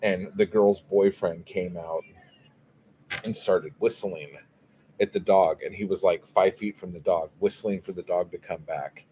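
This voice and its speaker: A man's voice: deep voice, fairly even intonation, a little slow, mellow, slight background noise. A man hosting a casual livestream, telling a story in a profane, exasperated way. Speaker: livestream host. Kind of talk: casual livestream chat, reading viewer comments.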